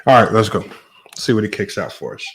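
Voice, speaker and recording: A man hosting a debate stream, casually reading out matchups and topics and talking in relaxed slang. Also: fairly low pitch, brisk. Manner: relaxed, slangy, thinks aloud. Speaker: debate show host. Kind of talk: casual livestream chat, reading out a list.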